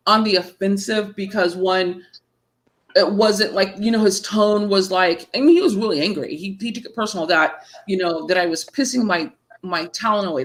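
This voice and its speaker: A woman's voice: mid-range voice, rough recording. A woman in her thirties, a horror author, telling stories casually in an interview and acting out the people she quotes. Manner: animated storyteller, acts out quoted voices.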